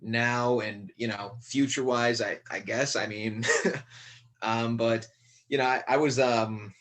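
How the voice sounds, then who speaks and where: A man's voice: medium pitch, steady tone, slow, a bit bright. A man guesting on a podcast, chatting casually about acting and horror films, rambling with many fillers and restarts. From Connecticut. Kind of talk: casual chat.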